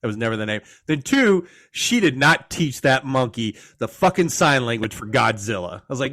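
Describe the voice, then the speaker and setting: A man co-hosting a podcast, animated and profane in casual movie banter, quoting scenes in put-on voices. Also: medium pitch, moderate pace, hardly any pauses, dry recording, clean studio sound. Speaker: podcast co-host.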